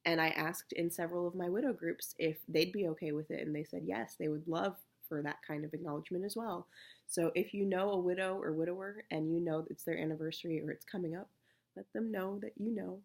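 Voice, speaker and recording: Woman, 30s, low and creaky, soft-spoken candid vlogger. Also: fairly even intonation, fairly quick. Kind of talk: casual personal talk to camera.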